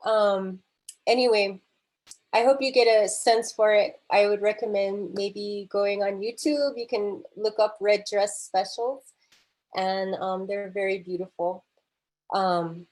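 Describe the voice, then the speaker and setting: A woman poet speaking on a video call, soft and halting, full of pauses and fillers, openly emotional as she talks. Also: medium pitch, low-quality recording. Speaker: guest poet. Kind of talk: unscripted remarks on a video call.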